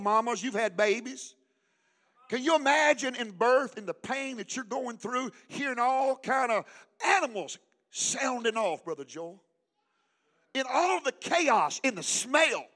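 Casting: older pastor, man, high piercing voice, preaching with call-and-response, hushed then shouting. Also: lively intonation, unhurried. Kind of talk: sermon.

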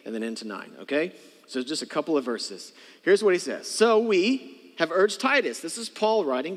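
Animated male pastor preaching in a reverberant hall. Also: on the high side. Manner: animated, acts out voices, calls for audience response. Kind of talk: sermon. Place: church sanctuary.

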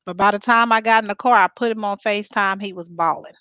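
A woman's voice: mid-range voice, fast, bright, forceful tone, clean tone, dry recording. Woman, forties, from Texas, casual chat, laughs often, dry close sound. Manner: chatty storyteller, laughs often. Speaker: guest.

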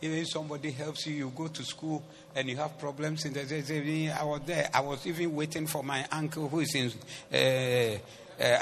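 A pastor with a mid-range voice preaches a sermon, moving between English and Twi phrases and swinging from quiet asides to loud, emphatic preaching. The recording carries a long hall reverb and faint noise.

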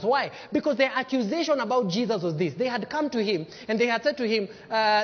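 A man preaches a sermon in a high, bright-toned voice, acting out the quotes and swinging from loud to hushed. The sound is dull and lo-fi, with a long reverb trailing each phrase. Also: lively intonation, quick pace, few pauses. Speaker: pastor.

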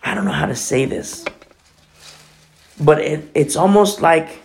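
A man preaching a sermon as pastor, in a conversational, animated way full of asides. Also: a little high, measured pace, slight background noise.

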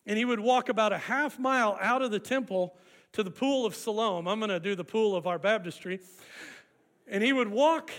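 A man preaching a sermon, walking his congregation through an old festival ritual and leading them in responses. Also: sits high. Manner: animated, leads congregation in call-and-response. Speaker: pastor.

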